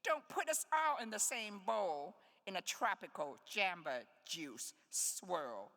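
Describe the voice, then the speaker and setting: A woman's voice: medium pitch, very animated, slow pace, creaky, hardly any pauses, fairly bright tone. A woman poet giving a live reading in a conference hall, with playful, wry asides between poems. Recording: long hall reverb.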